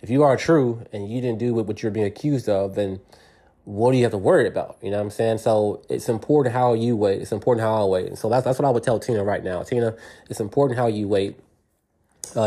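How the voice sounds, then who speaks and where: A man's voice: fairly low pitch, fast, dark tone, breathy edge. A middle-aged man hosting a podcast, giving earnest unscripted advice in a rambling way, full of repeated words and restarts. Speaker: podcast host.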